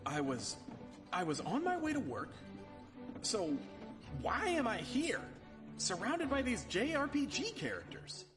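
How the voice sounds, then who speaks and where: A man as a bewildered young worker, indignant and higher-pitched, pushing for answers. Music plays under the voice. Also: wildly swooping pitch, measured pace, long pauses, full character voice. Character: confused young male office worker, indignant. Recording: demo reel with music underneath.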